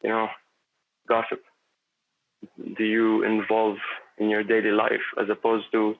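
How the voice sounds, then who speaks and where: A man's voice: lowish voice, monotone, a little slow. A man chatting as a podcast guest, rambling and philosophical, with lots of fillers and restarts. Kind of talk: casual conversation. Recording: tinny phone-like line.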